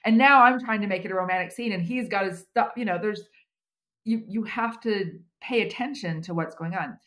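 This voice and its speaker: A woman's voice: medium pitch, normal speed, fairly bright tone. A middle-aged American woman, an HR consultant and podcast guest, talking in a wry, self-mocking way with many fillers. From United States. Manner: humorous, self-deprecating, chatty with many fillers. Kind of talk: conversational interview.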